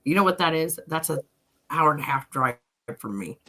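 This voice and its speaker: Wry, bright-voiced woman from Illinois. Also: low voice, expressive, normal speed. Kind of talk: casual chat.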